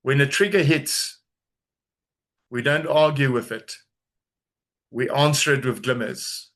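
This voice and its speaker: A man in a mid-range voice leads a webinar audience through a grounding and breathing exercise. He speaks slowly and soothingly over a video call, pausing often between his gentle instructions. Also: mid-range voice. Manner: slow, calm, soothing instructions with long pauses. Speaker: trauma coach leading a webinar.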